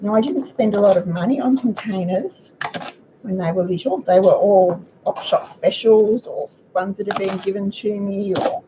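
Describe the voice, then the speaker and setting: A middle-aged woman with a croaky voice, chatting to viewers while she cooks in her home kitchen. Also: medium pitch, moderate pace. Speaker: cooking show host. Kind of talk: casual cooking demonstration. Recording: dull lo-fi audio with background noise.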